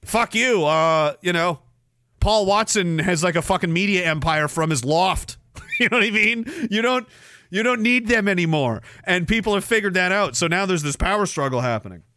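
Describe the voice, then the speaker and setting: A man from Canada ranting through a casual livestream monologue, crude and sarcastic, breaking off and restarting his sentences. His voice sits a little high, with a bright, forceful edge. The sound is dry and close, with no room echo. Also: normal speed. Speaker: livestream host.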